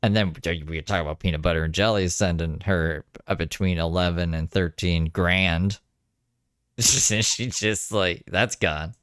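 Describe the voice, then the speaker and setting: A man talks over a livestream in a loose, gossipy way, swearing freely and firing off quick asides. His voice sits low and sounds smooth and resonant. The recording is dry and close, with no room sound. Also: steady tone, a bit bright, dry recording. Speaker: commentary host. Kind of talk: casual commentary over a livestream.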